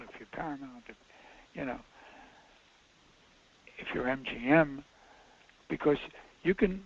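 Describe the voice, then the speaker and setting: A man's voice: a little high, husky. An older man, a film director and guest, telling rambling anecdotes with restarts and emphatic bursts. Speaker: filmmaker guest. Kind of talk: casual anecdote. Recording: lo-fi audio.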